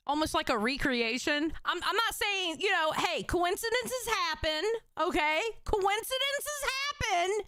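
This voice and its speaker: A woman's voice: extremely high pitch, lively intonation, a little slow, few pauses, bright, forceful tone, no room sound. A woman live-streaming, reacting to clips and reading chat in blunt, profane, teasing banter.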